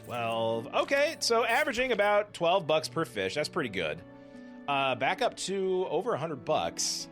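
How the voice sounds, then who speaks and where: Man, let's play host, playful, chatty, animated pitch, faint music. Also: unhurried. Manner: playful, chatty, meows while fishing. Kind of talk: casual gameplay commentary.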